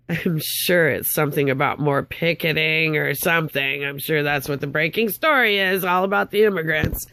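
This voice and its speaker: An older woman with a gravelly, fry-laced voice recounts her story in a rambling, upset way. She stumbles over restarts and laughs bitterly between sarcastic remarks. The sound is dry and close. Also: low-pitched, moderate pace, hardly any pauses, sharp tone, dry recording. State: upset, tongue-tied. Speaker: vlogger. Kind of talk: casual storytelling monologue.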